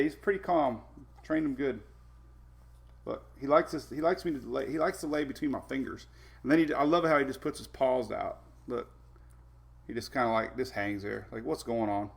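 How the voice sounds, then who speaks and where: A man's voice: on the high side, gravelly. A man hosting a casual weather live stream, chatty, laughing often and talking to his dogs between updates.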